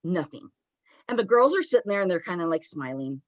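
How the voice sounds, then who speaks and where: A woman co-hosting a podcast, retelling a story in a casual, animated way with lots of "like". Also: fairly low pitch, fairly quick, no room sound. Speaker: podcast co-host.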